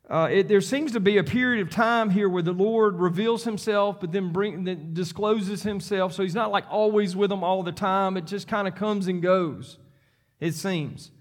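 A male pastor preaching a sermon on scripture, emphatic and repetitive, talking directly to the congregation. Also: high voice.

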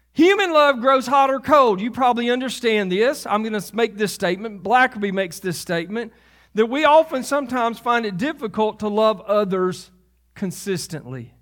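A man's voice: high voice, fairly bright tone. A man preaching a sermon as pastor, conversational, with asides and laughs at himself.

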